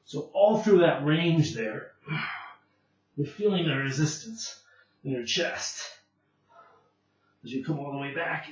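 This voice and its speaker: Man, home fitness instructor, winded mid-set, recorded on a distant camera mic in a boomy room. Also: slow, pauses often. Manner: breathless, puffing between sets, many fillers. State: out of breath. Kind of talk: casual workout demonstration. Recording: very echoey room, distant mic, dull sound.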